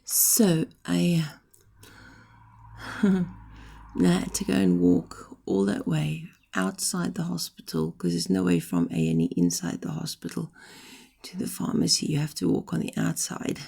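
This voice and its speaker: Middle-aged woman vlogging while sick, super gravelly raspy voice, out of breath, lots of ums. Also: low-pitched, big pitch swings, measured pace, warm tone. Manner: rambling, apologetic, frequent ums. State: hoarse and short of breath, coughing. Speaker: vlogger recovering from illness. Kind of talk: casual chat to camera.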